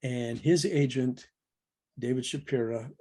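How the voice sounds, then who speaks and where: A man's voice: mid-range voice, a little slow, darkish tone. An older man, a producer, telling a long anecdote as a guest on a video call interview, rambling and chuckling as he goes. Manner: rambling, self-correcting, chuckling.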